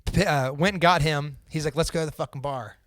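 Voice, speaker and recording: A man's voice: fairly high pitch, brisk, a bit bright, dry recording, studio quality. A young man from Central Indiana with a Midwestern accent, a podcast guest telling a story in casual talk. He swears freely and acts out what others said. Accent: Midwestern American.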